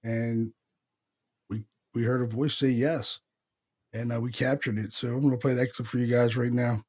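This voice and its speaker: A man's voice: medium pitch, flat delivery, moderate pace, darkish tone. A man hosting a paranormal podcast in a laid-back, casual way, swearing and laughing often. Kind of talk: casual chat.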